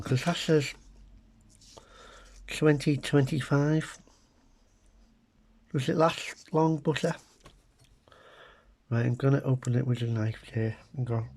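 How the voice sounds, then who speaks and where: A middle-aged food vlogger from Britain speaks with a somewhat high, slightly mellow, husky voice. While taste-testing food, he chats casually and comically to camera, muttering wry asides to viewers.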